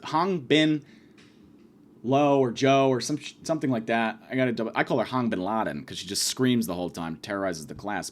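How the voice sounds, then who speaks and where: A man's voice: medium pitch, fairly bright tone. A young man giving a crude, rambling comedic rant about his college.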